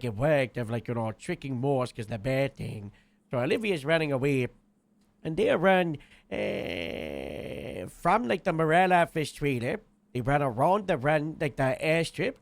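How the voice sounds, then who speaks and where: A man's voice: medium pitch, creaky, dry recording. A man telling a long story in character during a roleplay game, rambling with lots of filler and restarts.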